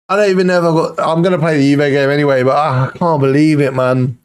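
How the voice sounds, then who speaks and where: Excitable man commentating a football game. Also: a little high, fast talker, hardly any pauses, clean tone. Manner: excitable, swearing, pleading at the screen. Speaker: gaming YouTuber.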